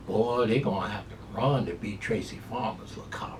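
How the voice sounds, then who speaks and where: Excitable man picking horses. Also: medium pitch, distant mic. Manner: excitable, drawn-out emphatic lines, folksy "y'all". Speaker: horse racing handicapper. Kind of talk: race preview and picks.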